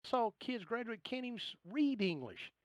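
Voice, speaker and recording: A high, lively Southern man with a thick drawl who rants bluntly about whatever's bugging him. His voice swings up and down as he talks, and it sounds close and dry with no room around it. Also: moderate pace, no room sound. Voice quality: drawling, gravelly-toned. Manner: ranting, animated, blunt and joking. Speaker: podcast guest. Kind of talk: casual chat.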